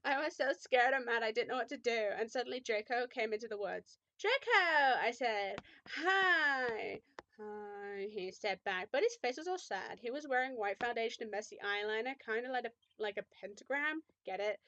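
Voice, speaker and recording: A woman's voice: a little high, moderate pace, fairly bright tone, no room sound, muffled recording. A young woman reading a fan fiction aloud with mock drama, often breaking off to make sarcastic remarks.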